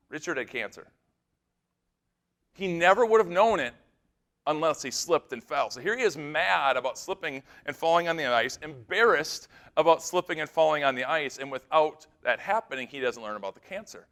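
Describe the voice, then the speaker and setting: A male pastor delivers a conference keynote as a string of stories. His voice sits a touch high for a man, and he tells each story with energy, swinging from loud bursts down to quiet, serious moments. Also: fairly quick. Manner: animated storyteller, shifts from loud to hushed. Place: conference stage.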